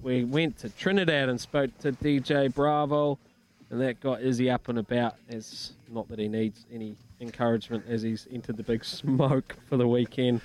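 Upbeat New Zealand radio host. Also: male voice, medium pitch. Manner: upbeat, reads listener texts. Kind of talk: sports radio chat. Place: radio studio.

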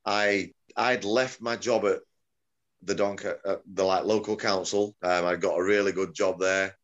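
A man's voice: low-pitched, fairly even intonation, normal speed, lo-fi sound. A middle-aged man, a combat-sports promoter chatting as an interview guest, rambling and correcting himself as he goes. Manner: rambling, self-correcting, chuckling. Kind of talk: casual interview chat.

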